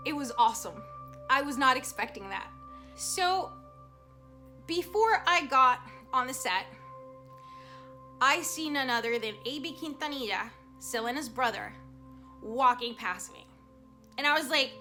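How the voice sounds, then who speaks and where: Bright, high-voiced chatty woman. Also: a little slow, long pauses. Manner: animated, chatty, emotional storyteller with many fillers. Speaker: psychic vlogger. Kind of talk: casual storytelling to camera. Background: soft background music.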